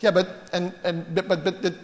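A man's voice: high voice, level tone, fairly quick. Chatty male pastor in a reverberant hall. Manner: conversational, self-deprecating, addresses the congregation directly. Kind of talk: sermon with personal stories.

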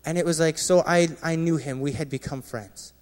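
A man, a former Marine, sharing an earnest personal testimony with a gathering, often dropping quiet and low at painful moments. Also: normal speed. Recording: long reverb of a large hall.

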